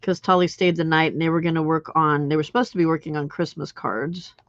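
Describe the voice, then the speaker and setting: A woman's voice: low-pitched, fairly even intonation, quick pace, dry recording. A woman hosting a late-night crafting livestream, chatting with viewers and giggling often. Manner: chatty and giggly, answering comments while crafting. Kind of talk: casual chat with live chat viewers. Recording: dull, muffled lo-fi stream audio.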